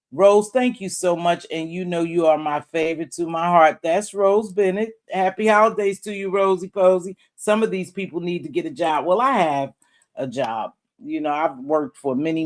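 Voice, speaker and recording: A middle-aged woman hosting a casual livestream, chatting with viewers and giving gossip commentary, her voice jumping high when she gets worked up. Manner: animated, jumps high when worked up, reads out and greets chat viewers. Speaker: livestream host.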